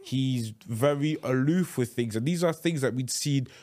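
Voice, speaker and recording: A man hosting a casual podcast, his voice sitting at an everyday middle pitch. He talks with animation, stacking up "like" fillers and restarting his sentences as his thoughts run ahead of him. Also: normal speed, darkish tone. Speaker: podcast host. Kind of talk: casual chat.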